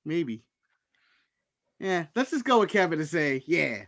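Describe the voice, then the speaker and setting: A man's voice: fairly high pitch, big pitch swings, unhurried, a bit bright. An American man co-hosting a wrestling podcast, chatting casually with blunt, crude jokes. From United States. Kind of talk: casual chat.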